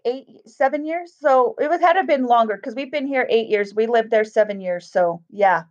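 A guest, a middle-aged woman, tells a ghost story casually in a slightly high voice at a moderate pace. She animates it by voicing the characters herself, and the sound quality is dull and lo-fi.

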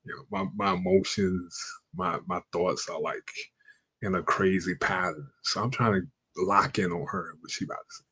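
A man's voice: deep voice, big pitch swings, moderate pace, gravelly, pushed and bright, husky, no room sound. A man telling a personal story in a casual, slangy way, acting out the lines of the people in it. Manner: acts out quoted dialogue in a raised voice; slangy, conversational.

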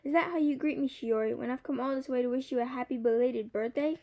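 A woman voicing a small, chatty female paper bird who frets and scolds in a high, chirpy voice. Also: fast, a little mellow. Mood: fond. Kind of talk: audiobook character voice.

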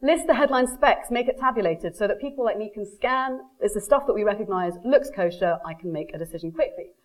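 Lively woman giving a talk. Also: mid-range voice, a little fast, poor audio. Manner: lively storyteller, quotes people in animated voices. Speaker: speaker giving a marketing talk. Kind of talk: live presentation to an audience.

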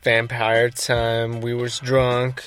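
A man's voice: mid-range voice, completely flat delivery, extremely slow, fairly bright tone, clear, resonant tone, soft background music. A man co-hosting a casual podcast, telling loose stories with slang and swearing. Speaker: podcast co-host. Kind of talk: casual chat among friends.

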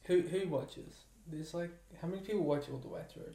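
A man's voice: on the high side, brisk, warm tone. A young man with a New Zealand accent, blunt and sarcastic in casual chat. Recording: echoey room.

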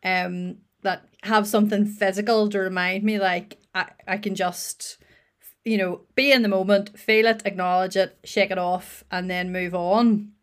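A woman's voice: medium pitch, steady tone, measured pace. Reflective woman in casual chat.

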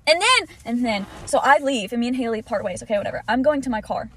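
Fast-talking young woman telling a story. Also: a little high, animated, fairly bright tone. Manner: storytelling, quoting others with many "like"s. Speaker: podcast co-host. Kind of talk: casual chat.

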